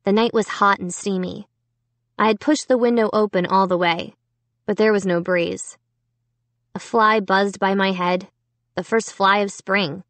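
A woman's voice: medium pitch, fairly even intonation, unhurried, fairly bright tone, no room sound. A woman narrating a children's horror book in the first person, reading steadily and with suspense. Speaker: audiobook narrator.

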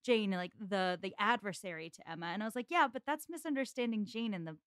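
A woman's voice: medium pitch, expressive, quick pace, fairly bright tone, clear, resonant tone, no room sound, studio quality. Chatty woman podcast co-host. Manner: chatty, peppered with "like". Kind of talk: casual chat.

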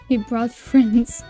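Casual gameplay chat comes from a woman streamer who laughs a lot as she talks to viewers. Her voice sits a little high and has a warm tone.

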